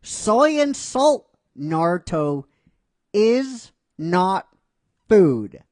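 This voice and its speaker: A man's voice: sits high, lively intonation, slow pace, dry recording, clean studio sound, pitched above the performer's own voice. A man voicing a bossy, stern young female ninja who lectures firmly. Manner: firm, lecturing.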